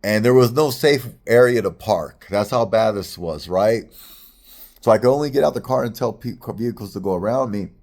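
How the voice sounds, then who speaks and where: A middle-aged American vlogger with a lowish, darkish voice talks at a moderate pace. In a casual rant, he tells a long, frustrated story, rambling and swearing and restarting many times.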